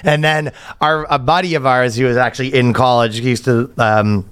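A young man co-hosting a podcast, joking through quick banter and laughing often. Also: mid-range voice, steady tone, fairly bright tone, clean tone. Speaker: podcast co-host. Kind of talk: casual chat.

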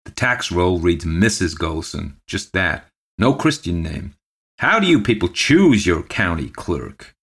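Stern, curt bureaucrat, deep voice; male reader voices him. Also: big pitch swings, unhurried, creaky, fairly bright tone, slightly rough, heavily acted. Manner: austere, curt, sneering. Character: stern humorless male government official.

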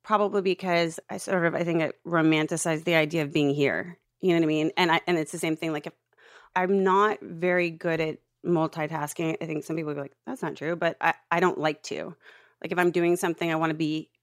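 A woman's voice: deep voice, steady tone, brisk, dry recording, clean studio sound. A woman guesting on a podcast, talking in a casual, open and earnest way. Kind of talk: casual chat.

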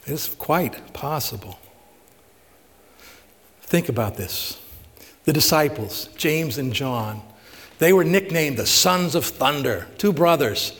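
A man's voice: on the high side, expressive, unhurried, fairly bright tone. Man preaching in a reverberant church hall. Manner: asks rhetorical questions, retells stories with emphasis. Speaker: pastor. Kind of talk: conversational sermon.

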